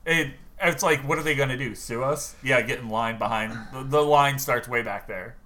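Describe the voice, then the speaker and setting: A man chatting casually on a podcast, retelling stories in an animated, laughing way and swearing freely. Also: medium pitch, moderate pace. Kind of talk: casual chat.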